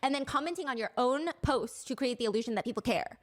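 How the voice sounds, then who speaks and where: A young woman hosting, telling gossip stories in an animated, casual way and swearing freely. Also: fairly high pitch, fast. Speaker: host.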